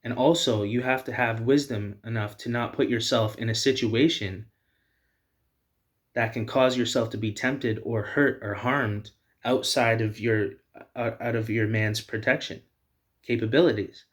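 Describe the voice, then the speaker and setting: A man's voice: medium pitch, fairly even intonation, unhurried. A man hosting a video, delivering heated, repetitive personal commentary. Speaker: video host.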